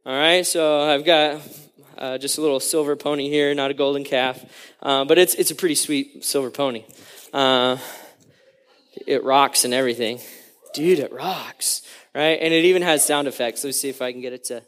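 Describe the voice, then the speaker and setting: A man's voice: medium pitch, fairly even intonation, moderate pace, fairly bright tone, clear, resonant tone. A man preaching a casual, joking sermon, acting out the crowd's voices as he tells the story. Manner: casual, joking, lots of "like" and "you know". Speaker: pastor.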